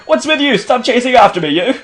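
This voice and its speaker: A man's voice: very high-pitched, expressive, fast talker, a bit bright, soft background music, pitched above the performer's own voice. A man voicing a cocky male villain grunt in a put-on British-sounding accent, rude and brash. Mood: taunting.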